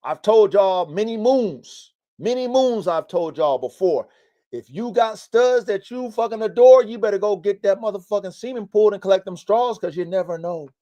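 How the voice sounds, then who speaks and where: His voice is high and expressive with a dark tone, at a normal speed. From his house in the mountains, the podcast host and dog breeder streams casually about his dogs, preaching bluntly, swearing a lot and repeating points for emphasis.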